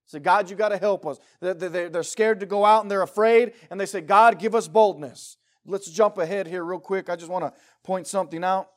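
A man with a fairly high voice preaches to his congregation in a church meeting room. He swings from loud, emphatic passages down to quiet, intense questions aimed at his listeners. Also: steady tone, fairly quick, hardly any pauses. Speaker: pastor. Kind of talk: sermon.

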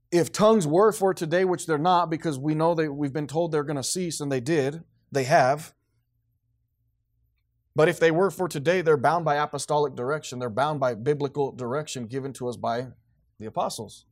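A man delivers a sermon from the pulpit with a fairly high voice. He preaches emphatically, often restarting his sentences. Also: moderate pace. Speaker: pastor.

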